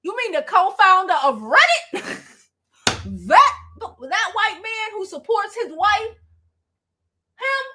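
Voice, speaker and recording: A woman's voice: very high-pitched, sing-song, slow pace, long pauses, noisy background. A middle-aged woman chatting casually on a gossip livestream, loose and profane, often laughing. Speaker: celebrity gossip vlogger.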